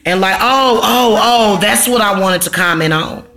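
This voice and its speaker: A woman vlogger talks casually to camera at a moderate pace, her medium-pitched voice fairly bright. She's blunt and slangy, cursing and ranting at her viewers.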